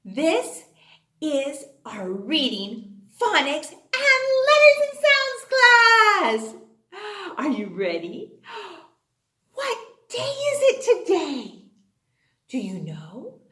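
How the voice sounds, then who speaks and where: A woman's voice: high-pitched, wildly swooping pitch, very slow, sharp tone, echoey room. Sing-song woman teaching phonics to kids. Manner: exaggerated sing-song teacher voice, gasps and prompts. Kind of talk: online phonics lesson for young children.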